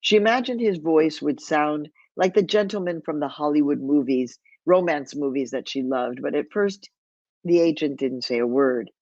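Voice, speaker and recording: A Mexican author with a deep, darkish voice reads from her memoir at normal speed, telling it vividly and slipping in occasional Spanish phrases. The recording is dull, lo-fi and dry, with no echo.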